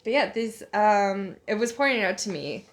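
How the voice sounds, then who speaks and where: A woman's voice: mid-range voice, animated, measured pace. A woman chatting casually while playing a game, giggling often and full of filler words. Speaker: co-host. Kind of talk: casual chat while gaming.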